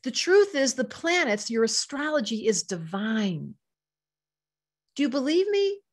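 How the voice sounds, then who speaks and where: An older woman speaking with fervent emotion on a live stream. Her voice sits fairly high as she teaches astrology and reads viewers' chat comments aloud. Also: sing-song, measured pace.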